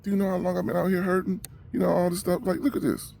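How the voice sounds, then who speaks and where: A man's voice: high voice, level tone, quick pace, vocal fry, hardly any pauses, a little mellow. A man ranting emotionally to the camera, agitated and short of breath, repeating himself as he talks. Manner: agitated, repetitive, heated. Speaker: vlogger.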